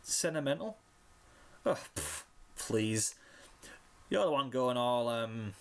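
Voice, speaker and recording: A man's voice: medium pitch, lively intonation, takes it slowly. A man voicing a brash, tomboyish young female pegasus in a fan fiction reading, cocky and teasing but awkward about feelings. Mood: scoffing.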